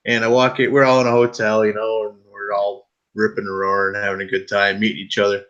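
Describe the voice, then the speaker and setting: A man's voice: fairly low pitch, a little fast, lo-fi sound. A man from Wisconsin, casually telling a story to friends on a podcast and swearing freely. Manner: animated, acts out others' voices, swears freely.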